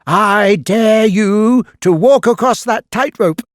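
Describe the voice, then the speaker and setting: Man doing a naughty little girl, high, loud, taunting, mischievous. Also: slow, no room sound, clean studio sound.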